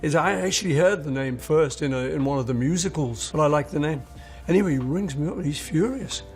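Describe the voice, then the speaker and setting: Older English man, interview anecdotes, slightly high voice, animates quoted voices. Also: brisk, faint music behind. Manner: acts out quoted voices in his stories. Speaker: musician interviewee.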